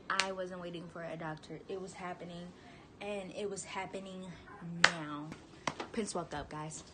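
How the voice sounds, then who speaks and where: A woman's voice: mid-range voice, fairly even intonation, normal speed, noisy background. A young woman telling her birth story in a candid, chatty vlog, now and then cooing at her baby. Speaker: vlogger, new mother.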